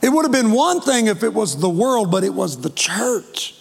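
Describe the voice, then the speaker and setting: A man preaching from a platform, his voice sitting high for a man. He shares his testimony with emotion and drawn-out pauses, and the sound rings out with a long reverb from a large church hall. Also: very animated, gravelly, slightly rough. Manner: emotional storytelling with dramatic pauses. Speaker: pastor. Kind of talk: testimony sermon. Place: church sanctuary.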